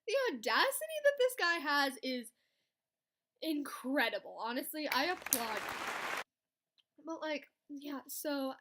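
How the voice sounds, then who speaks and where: Telling a story in a relaxed chat, this young female vlogger is theatrical and chatty, alternating between loud bursts and hushed asides. She speaks high and unhurried with big swings in pitch, and some chatter can be heard behind her.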